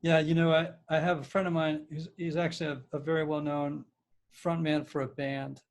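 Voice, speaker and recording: A man hosting a podcast interview, talking in animated, quick bursts. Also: a little high. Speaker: podcast host. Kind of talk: conversational interview.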